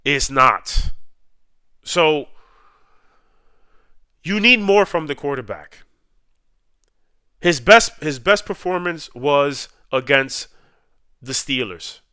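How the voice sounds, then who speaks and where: Male sports vlogger, heated fan rant, smooth clear voice, dry close mic. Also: fairly high pitch, animated, pushed and bright, no echo. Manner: heated, repetitive, drawn-out emphasis. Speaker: sports YouTuber ranting.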